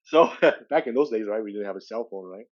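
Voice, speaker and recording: A man's voice: fairly low pitch, a little fast. Man in his sixties telling a story, muffled audio. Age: 60s. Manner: loose, conversational, retells dialogue with "he goes". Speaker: podcast guest. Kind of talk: casual personal storytelling.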